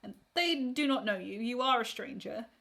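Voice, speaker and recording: A woman's voice: a little high, lively intonation, normal speed, gravelly, a bit bright. A woman co-hosting a podcast in casual chat, frank and advice-giving, laughing often. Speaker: podcast co-host.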